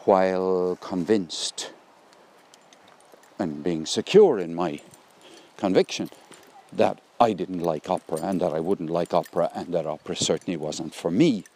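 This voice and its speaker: A man's voice: low voice, measured pace, mellow. A middle-aged man musing aloud in a rambling spoken diary, recorded outdoors beside a stream on a handheld phone. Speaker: vlogger.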